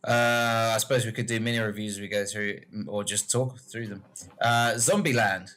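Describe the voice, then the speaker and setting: A man's voice: on the low side, moderate pace. A man co-hosting a casual podcast, rambling through film scenes and acting out the characters. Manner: rambling, animated retelling of film scenes with put-on character voices. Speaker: podcast co-host. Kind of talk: casual chat about films.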